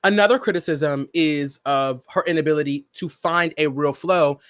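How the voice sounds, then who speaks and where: A man's voice: on the high side, moderate pace, fairly bright tone, smooth, no echo, clean studio sound. A young man hosting a casual pop-culture commentary show, talking dramatically and laughing often. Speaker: podcast host.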